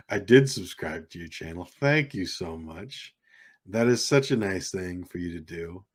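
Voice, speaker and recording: Slow-talking Southern man with a deep baritone. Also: animated. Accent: Southern American. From South Carolina, USA. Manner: rambling, chuckles often, reads chat aloud. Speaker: live stream host. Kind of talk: casual live-stream chat reading viewer comments.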